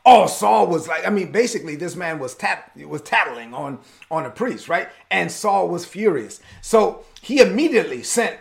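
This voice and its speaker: Animated gravelly-voiced male preacher. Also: sits high, moderate pace. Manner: animated storytelling, acts out the characters. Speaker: pastor. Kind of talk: sermon.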